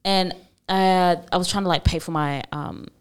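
A woman's voice: fairly low pitch, steady tone, normal speed, smooth. A woman in her twenties, co-hosting a podcast, telling a story in casual chat, laughing often and swearing. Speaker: podcast co-host. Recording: noisy podcast recording.

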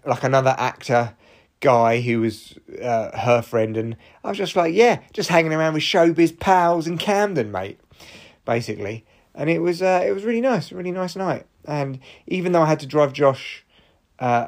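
A man, a comedian hosting his own podcast, rambling solo with hyper energy, restarts and excited jumps in his voice. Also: medium pitch, fairly quick.

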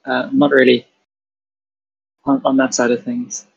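Here the same kind of speaker, a trans woman guest from South Africa, sounds very deep and creaky, with little pitch movement and an unhurried delivery. Recorded over a video call with lo-fi quality, she chats casually in her South African accent, hesitant and peppered with fillers and restarts.

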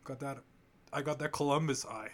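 A young man co-hosting a casual podcast, slangy and animated. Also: medium pitch, normal speed. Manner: slangy, says dude a lot, animated storytelling. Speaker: podcast co-host. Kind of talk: casual chat.

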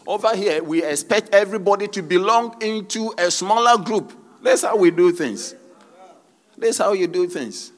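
A man's voice: sits high, expressive, normal speed. A man preaching a sermon as a pastor, peppering his teaching with hallelujahs and rhetorical questions to the congregation.

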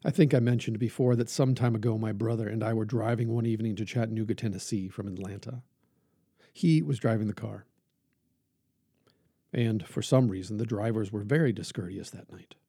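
A male preacher talking earnestly with measured pauses, then reading a sermon aloud with rising emphasis. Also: lowish voice, warm tone, slightly rough, no room sound, studio quality. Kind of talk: podcast reflection and sermon reading.

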